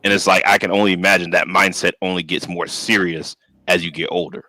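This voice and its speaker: Low, bright-toned man in his thirties. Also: level tone, a little fast, dry recording. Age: 30s. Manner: thoughtful, hesitant. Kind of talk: casual chat.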